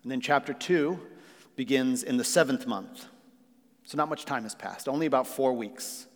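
A man's voice: medium pitch, moderate pace. A man preaching an earnest sermon as pastor, using fillers and rising to emphatic questions. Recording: long reverb of a hall.

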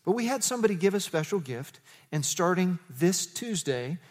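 A man preaching as the pastor of his church, telling stories with lively, animated delivery. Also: moderate pace. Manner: animated storytelling, jumps to high excited quotes. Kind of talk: sermon.

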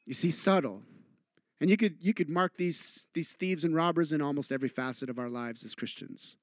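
A male pastor preaching a sermon in a tent service, animated, swinging between loud and quiet delivery. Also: fairly high pitch, fairly quick, dry recording, clean studio sound. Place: outdoor tent church service.

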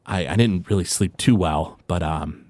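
A man voicing a tired young woman in a tabletop game, speaking hesitantly and quietly. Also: low-pitched, moderate pace, no room sound, pitched below the performer's own voice, natural voice. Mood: groggy. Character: tired, shaken young woman just woken.

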